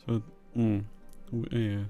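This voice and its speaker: A man's voice: fairly low pitch, level tone, slow pace, warm tone, faint music behind. A man streaming a video game live, chatting casually and rambling, with mild swearing while he answers chat.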